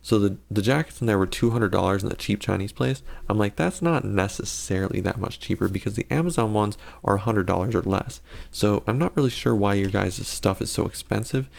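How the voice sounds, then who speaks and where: Man, low-pitched, gravelly, casual gameplay commentary, rambling, self-correcting, sarcastic. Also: a little fast, hardly any pauses, darkish tone.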